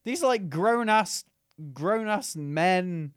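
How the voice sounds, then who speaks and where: A man co-hosting a podcast in casual chat, joking and breaking into loud laughter. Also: high voice, animated, slow, smooth, no echo, studio quality. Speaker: podcast co-host.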